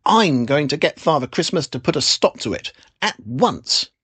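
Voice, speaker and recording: A storyteller voicing a sensible, indignant female Christmas elf in a storybook reading, with a husky, high, urgent delivery. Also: very animated, moderate pace, a bit bright.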